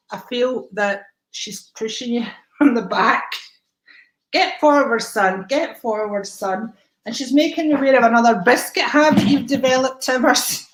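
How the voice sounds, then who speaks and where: A woman gives psychic readings on a live stream in a mid-range voice. She rambles, with ums and restarts, and calls her viewers darling and honey. The room echoes around her. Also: medium pitch.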